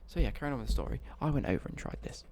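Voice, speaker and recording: A man's voice: medium pitch, big pitch swings, rapid-fire, vocal fry, a little mellow, slight background noise. A young English man telling a rambling childhood story on a livestream, swearing freely and correcting himself mid-sentence.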